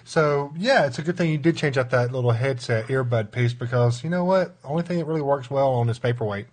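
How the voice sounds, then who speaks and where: A man's voice: medium pitch, brisk. A man co-hosting a casual gaming podcast, telling laid-back stories with dry jokes. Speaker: podcast co-host.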